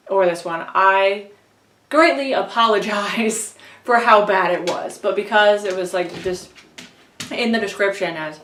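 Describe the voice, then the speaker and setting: A woman's voice: medium pitch, a bit bright. A woman vlogging casually about her audiobook reading, chatty and self-deprecating, laughing often. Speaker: book vlogger and audiobook reader. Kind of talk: casual rambling vlog. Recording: echoey room, voice a bit far from mic.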